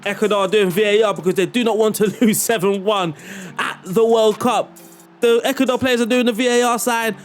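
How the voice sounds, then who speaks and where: A young man giving excitable, playful play-by-play commentary on a football management game, often laughing. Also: sits high, brisk, faint music behind. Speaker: gaming YouTuber.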